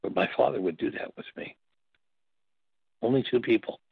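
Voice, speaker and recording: An older man leading a workshop, telling stories and teaching in a reflective, halting way with pauses and restarts. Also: mid-range voice, vocal fry, husky, no room sound. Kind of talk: spoken teaching talk with stories. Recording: dull, dry lo-fi audio.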